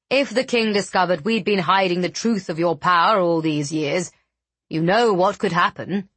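A woman voicing a stern, weary older male magister, measured and grave. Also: medium pitch, a bit bright, breathy edge, dry recording.

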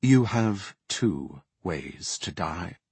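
A man voicing a cold, vengeful female warden who speaks calmly and with contempt. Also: on the low side, slow, slightly rough, no room sound, full character voice. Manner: calm, contemptuous.

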